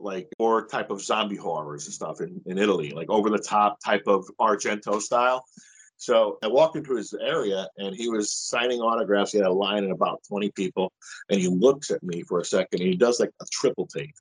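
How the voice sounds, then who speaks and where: A middle-aged man telling a story as an interview guest, animated and casual, with a little swearing. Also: lowish voice, husky, rough recording.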